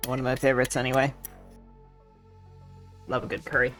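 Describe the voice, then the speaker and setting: A woman streaming games, chatting casually and excitedly with her viewers, rambling and restarting her sentences. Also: extremely low pitch, brisk, soft background music. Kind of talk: casual gaming stream chat.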